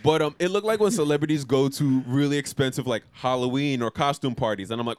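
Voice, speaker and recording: A man's voice: medium pitch, fast talker, no room sound. A man co-hosting a casual podcast, telling things in a loose, rambling way full of fillers. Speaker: podcast co-host. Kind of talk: casual chat.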